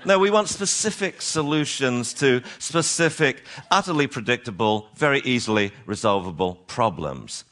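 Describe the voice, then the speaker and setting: A man giving a lively talk to an audience as a dog trainer, acting out owners and dogs in funny voices. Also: medium pitch, normal speed, hardly any pauses.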